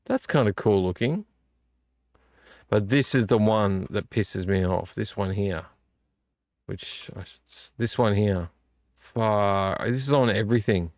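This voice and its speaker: A man's voice: on the low side, slow pace, pauses often, dry recording. A tired man, hosting a casual late-night vlog and rambling about his movie collection. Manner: relaxed, rambling, complains about covers. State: tired and yawning. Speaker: vlog host. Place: home room.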